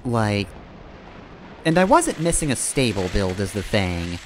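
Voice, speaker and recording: Male streamer, low voice, casual rambling commentary, self-correcting, faint hiss. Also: very animated, a little slow. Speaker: game streamer.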